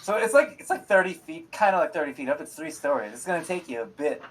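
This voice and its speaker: Male game master, husky voice, loose and profane, chuckles through his narration of a live tabletop session. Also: fairly high pitch, expressive, fast, low-quality recording. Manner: casual, laughs often, swears freely. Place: streamed online game session.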